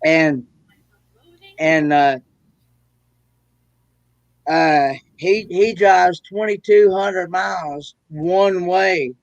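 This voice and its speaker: East tennessee guy w a southern drawl, kinda high voice, slow, dry sound, keeps restarting his words. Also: no room sound, highs cut off. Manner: halting, repeats words while telling a story. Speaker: livestream guest. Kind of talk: casual chat.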